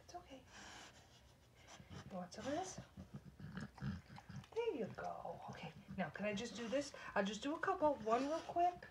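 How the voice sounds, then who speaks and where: A woman coaxes her anxious dog while clipping its nails at home, mostly soothing and pleading but now and then turning stern. She talks at normal speed in a slightly high voice with big pitch swings, and the background is noisy.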